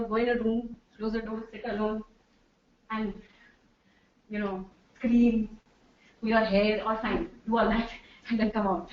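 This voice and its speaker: A middle-aged woman giving a chatty workshop talk to a live audience as a corporate trainer, slipping into Hindi and laughing often. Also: a little high. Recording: distant, dull, echoey room.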